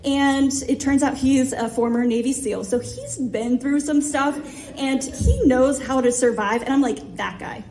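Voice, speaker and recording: A woman's voice: high-pitched, steady tone, unhurried, mellow, slight background noise. A woman in her thirties from Ohio, telling a comic personal story on stage in a self-deprecating, vivid way. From Ohio, USA.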